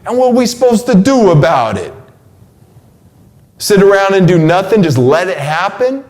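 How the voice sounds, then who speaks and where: A man in his forties giving a casual spoken monologue, slangy and stumbling over repeated words, his voice climbing when he gets excited. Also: sits high, moderate pace. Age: 40s. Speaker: host delivering a weekly message.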